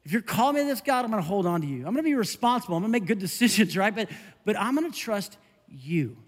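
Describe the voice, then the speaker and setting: A middle-aged male pastor preaching a conversational, animated sermon. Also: high voice, big-room sound. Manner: conversational, animated, self-interrupting with laughs.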